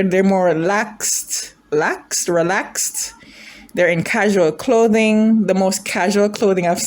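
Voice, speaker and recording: Woman, drama reaction vlogger, casual, chatty, emotional, thinks aloud. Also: medium pitch. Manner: chatty, thinking aloud, asks viewers questions; emotional, gushing.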